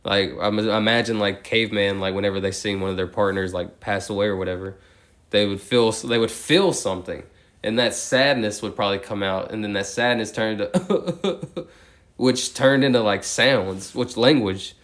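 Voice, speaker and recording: A young man steadily counting numbers out loud, breaking off now and then to ramble casually. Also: fairly low pitch. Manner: steady rapid number recitation, rambling slangy tangents. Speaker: streamer counting aloud. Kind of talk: monotone counting with casual asides.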